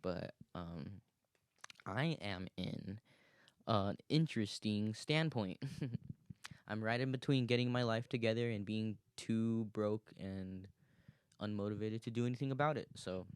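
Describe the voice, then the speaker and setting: A man's voice: on the low side, unhurried, smooth, no echo, clean studio sound. A man in his twenties hosting a podcast alone, rambling casually, swearing a lot and laughing often. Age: 20s. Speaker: podcast host. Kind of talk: casual solo monologue.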